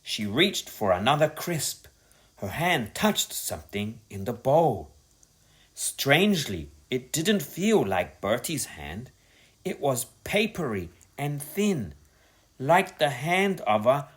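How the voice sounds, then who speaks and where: A man narrating a children's audiobook in a dramatic, expressive manner. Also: medium pitch.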